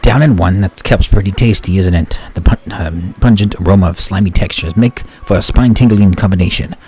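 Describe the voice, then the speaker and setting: A man with a low, warm voice reads game dialogue aloud a little fast, playing a gloating male monster captain who taunts his prisoners with mock-cheerful threats. His voice sounds natural, with a slight hiss or hum in the audio.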